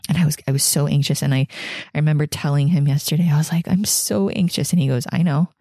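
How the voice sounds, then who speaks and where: A woman's voice: deep voice, steady tone, racing, warm tone, no room sound, clean studio sound. A pregnant woman in her thirties hosting a podcast, talking candidly and casually about her week, with frequent laughs and restarts. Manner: candid, chatty, laughs often, many fillers and restarts. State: heavily pregnant. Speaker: podcast host. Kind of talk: casual personal reflection.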